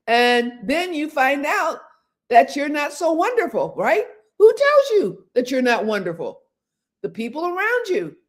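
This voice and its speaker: Brief: older woman host, higher voice with lots of swing, acts out inner voices, quick to laugh. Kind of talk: casual motivational talk.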